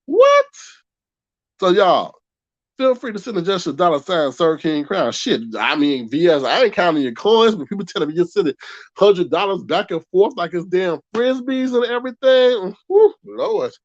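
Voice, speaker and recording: A man's voice: sits high, expressive, moderate pace, dry recording. Man, livestream commentary host, blunt and chatty, dry muffled mic.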